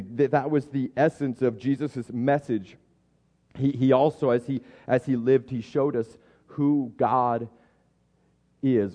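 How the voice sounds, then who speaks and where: A man's voice: mid-range voice, dark tone, big-room sound. A man preaching a sermon as a pastor, earnest, often repeating words as he builds each point.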